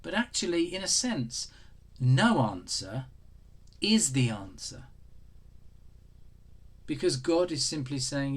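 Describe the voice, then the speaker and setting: A man preaching a sermon, animated, acting out the voices in the story. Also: medium pitch, a little slow, long pauses, slightly rough. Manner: animated, acts out voices of God and Job.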